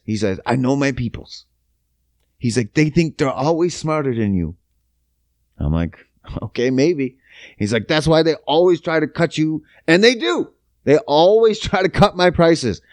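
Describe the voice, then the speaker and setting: A man in his thirties from Canada telling a story on his podcast, swearing often and swinging between loud outbursts and low mutters. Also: no echo, studio quality. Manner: profane, emphatic, big pitch swings. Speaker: podcast host. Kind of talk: casual storytelling monologue.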